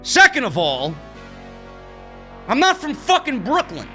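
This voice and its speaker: A man's voice: very high-pitched, huge pitch swings, a little slow, bright, forceful tone. A man hosting a livestream wrestling review, ranting brashly and swearing constantly. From New York. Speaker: wrestling show reviewer, podcast host. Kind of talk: livestream rant, casual chat. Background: faint music.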